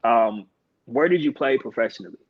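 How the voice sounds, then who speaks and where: A man's voice: mid-range voice, lively intonation, brisk, no echo, narrow, tinny audio. A male podcast host interviewing a guest over a video call, affirming and thoughtful. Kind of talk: casual interview.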